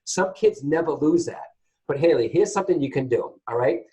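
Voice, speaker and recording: A man's voice: fairly high pitch, brisk, low-quality recording. Chatty male psychic radio host. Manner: chatty, animated, addresses audience as guys. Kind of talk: call-in psychic reading.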